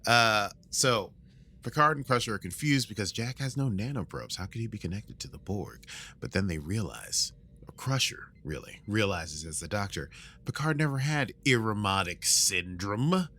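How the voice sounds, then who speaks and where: A man's voice: lowish voice, expressive, normal speed, sharp tone. A man hosting a podcast, casually recapping an episode and breaking into sung lines and silly voices. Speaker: podcast host.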